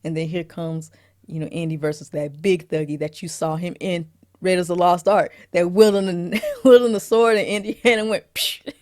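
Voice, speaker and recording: A woman vlogger giving a casual, chatty movie recap, laughing often and filling pauses with "you know". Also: lowish voice, fairly even intonation, darkish tone, no echo, clean studio sound.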